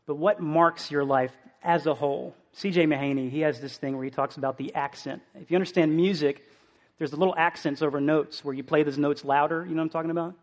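A man's voice: on the high side, steady tone, fast. Earnest man preaching a sermon. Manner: earnest, emotional, conversational preaching with rhetorical questions. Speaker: pastor.

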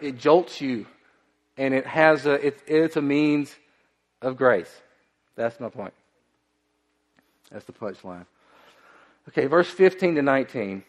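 A pastor preaching a sermon, telling stories and acting out voices with animated emphasis. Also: male voice, fairly high pitch, big-room sound.

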